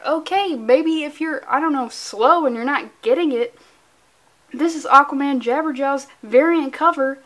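High-voiced woman ranting playfully about comics. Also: lively intonation, unhurried. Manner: mock-angry, profane, rambling, playful. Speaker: comic book vlogger. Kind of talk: casual comic review vlog.

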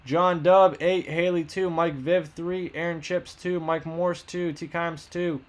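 A man's voice: on the high side, fairly even intonation. Upbeat man calling a live card break. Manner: rapid roll-call of names and teams, upbeat banter. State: losing his voice. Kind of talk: live-stream box break chat.

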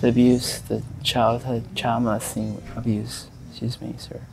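Gravelly young man, rambling and repetitive. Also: medium pitch, level tone, moderate pace, soft background music, poor audio. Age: 20s. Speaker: interviewee. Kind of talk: street interview. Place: outdoors on a city street.

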